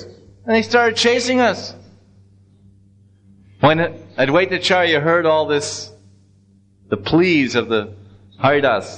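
Male preacher-storyteller, animated delivery, restarts often, slightly high pitch. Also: low-quality recording. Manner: animated retelling with many restarts. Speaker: religious storyteller. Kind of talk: devotional story sermon.

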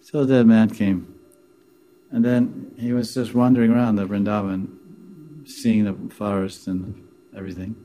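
This lowish male voice belongs to a spiritual teacher unhurriedly recounting a devotional story, meandering as he goes and peppering it with Hindi devotional words. A faint hiss or hum can be heard.

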